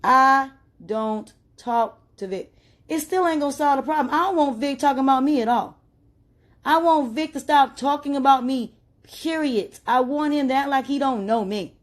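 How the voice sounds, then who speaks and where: A woman, ranting emphatically on a live stream and growing loud and agitated. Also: high-pitched, moderate pace. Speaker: livestreamer. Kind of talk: heated live-stream rant.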